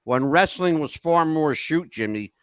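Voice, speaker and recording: An older man hosting a podcast, telling animated stories in an emphatic way and checking in with "okay?" as he goes. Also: a little high, unhurried, smooth, no echo. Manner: emphatic, keeps asking "okay?". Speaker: podcast host. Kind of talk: animated storytelling chat.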